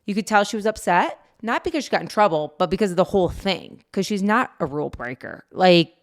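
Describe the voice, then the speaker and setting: A middle-aged woman co-hosting a parenting podcast in casual chat, gently advising. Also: medium pitch, lively intonation, fairly quick. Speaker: podcast co-host.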